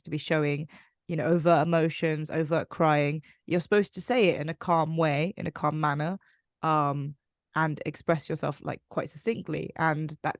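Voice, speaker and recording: A woman's voice: deep voice, dry recording, studio quality. A woman hosting a podcast interview, reflecting on her guest's points and summing them up with frequent fillers. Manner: reflective, summarizing, many fillers. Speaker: podcast host.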